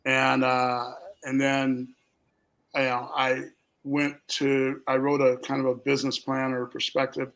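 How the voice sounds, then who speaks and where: A man's voice: medium pitch, monotone, unhurried, vocal fry, fairly bright tone, rough recording. A middle-aged man from Minnesota telling rambling stories as a guest on a talk show, acting out the voices of the people in them. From Minnesota, USA. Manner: rambling anecdotes, acts out quoted voices. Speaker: guest, spirits company founder. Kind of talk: casual storytelling.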